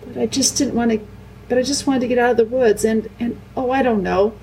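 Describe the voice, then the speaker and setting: A woman's voice: on the high side, fairly even intonation, a little fast, warm tone, slight background noise, voice pushed up, natural voice, low-quality recording. A woman voicing a troubled girl queen who speaks in a hesitant, faltering way. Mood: regretful.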